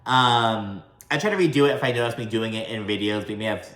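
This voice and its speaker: A man's voice: on the low side, a bit bright. A man dishing on a reality show in loose, profane vlog chatter. He runs his words together and leans on "like" constantly, with a bit of a country twang. His voice bounces around an echoey room. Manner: chatty, swears often, says "like" a lot; admits talking fast and mashing words together. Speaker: reality TV recap host. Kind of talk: casual profane recap vlog.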